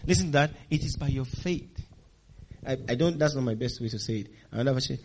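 A man with a somewhat high voice preaches quickly as a pastor, emphatic and calling out for responses from the congregation. He laughs often and swings between loud and soft.

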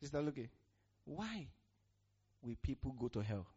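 A man's voice: medium pitch, sing-song, unhurried, mellow, breathy edge. Male preacher, sermon delivery, emphatic call-and-response, lo-fi sound. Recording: muffled lo-fi recording.

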